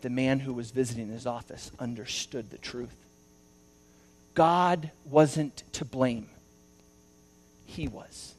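A male pastor giving a sermon, telling a story and swinging between loud emphasis and hushed asides. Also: a little high.

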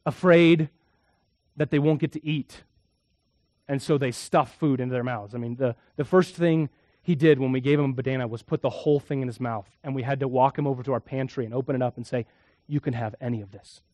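Pastor preaching, hushed to emphatic. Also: male voice, mid-range voice, steady tone, fairly quick, no echo. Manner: storytelling, swings from hushed to emphatic. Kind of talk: sermon.

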